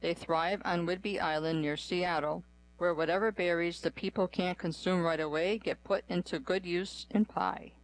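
A woman reading a magazine article aloud in an even, clear voice for a radio program. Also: on the low side, normal speed, poor audio. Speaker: radio reader.

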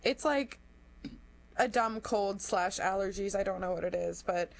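A woman's voice: medium pitch, a little slow, creaky. A woman co-hosting a podcast in casual chat, slightly congested from a cold, peppering her talk with "like". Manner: chatty, heavy use of "like". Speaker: podcast co-host.

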